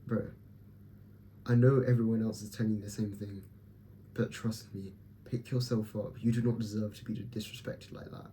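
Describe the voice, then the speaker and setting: In a personal vlog, a young man talks candidly to camera, giving himself and his viewers a blunt, profane pep talk. His lowish, warm voice has a flat delivery at a moderate pace, with a little hiss or hum in the audio.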